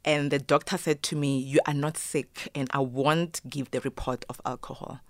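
A woman's voice: rumbling low, fairly even intonation, normal speed, no echo. A middle-aged woman guest telling a personal story with feeling, acting out the voices she quotes and slipping in Zulu phrases. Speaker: guest, choreographer and yoga teacher.

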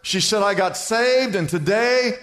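High-voiced preaching pastor in a hall. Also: male voice, unhurried, slight background noise. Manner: preaching with rising lists and shouted peaks. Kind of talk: sermon. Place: large church sanctuary. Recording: church hall reverb.

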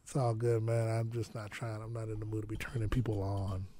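A man co-hosting sports talk radio from a studio, his voice mellow and dark. He talks in a laid-back, rambling way, full of "you know"s. The studio sound is close and dry. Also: on the low side, flat delivery, normal speed, no echo.

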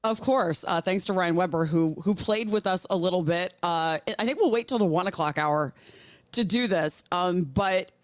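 A woman's voice: lowish voice, normal speed, no echo. A woman co-hosting a radio talk show over a video call, her mouth numb from dental work, laughing often and slurring words a little. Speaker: radio co-host. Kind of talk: casual talk radio chat. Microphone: remote over video call.

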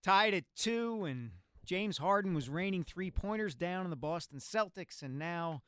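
Smooth-voiced male sports radio host. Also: high-pitched, expressive, a bit bright, dry recording, clean studio sound. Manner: articulate, brisk, analytical. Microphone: studio microphone.

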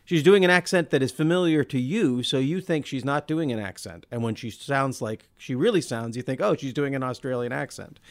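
A man's voice: mid-range voice, brisk, few pauses. A man co-hosting a casual film podcast, talking thoughtfully and with enthusiasm, stretching words and restarting his sentences. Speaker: podcast co-host.

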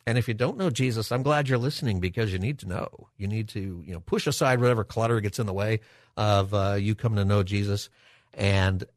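A man hosting a Christian talk radio show, speaking in a relaxed, conversational way with many filler words. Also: on the low side, fairly quick, no echo, studio quality. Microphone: studio microphone.

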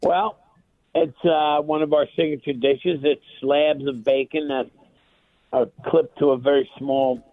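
Chef guest on a tinny phone line. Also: male voice, fairly high pitch, unhurried, dry recording. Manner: relaxed, plainspoken, explaining. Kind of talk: phone interview.

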